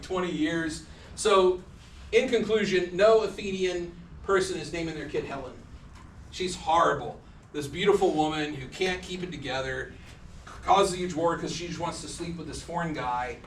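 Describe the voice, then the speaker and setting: A man's voice: a little high, slight background noise. A man giving a university lecture in a casual, joking manner, acting out the people he quotes. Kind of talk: classroom lecture. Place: lecture hall. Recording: echoey lecture hall from a distance.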